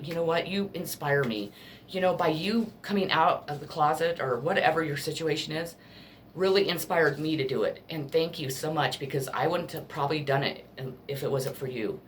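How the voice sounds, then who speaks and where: A woman's voice: low-pitched, fairly bright tone, slight background noise. A woman reading tarot cards in a casual spiritual pep talk, earnest and emotional, blunt and ready to swear. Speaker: tarot card reader.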